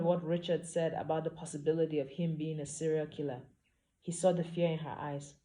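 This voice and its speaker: Low-voiced woman author reading aloud. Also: level tone, normal speed, warm tone. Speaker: author reading her book. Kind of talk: reading aloud from her novel.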